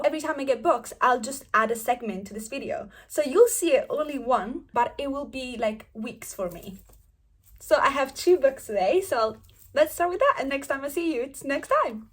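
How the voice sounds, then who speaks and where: A young woman, gushing excitedly about new books in a casual vlog. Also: sits high, moderate pace, breathy edge. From Italy. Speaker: book vlogger. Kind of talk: casual book haul chat.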